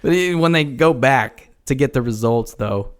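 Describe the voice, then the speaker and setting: A man's voice: medium pitch, lively intonation, smooth. A man co-hosting a podcast, chatting casually about a film and acting out quotes as he goes. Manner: retells scenes with quick acted quotes. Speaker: podcast co-host.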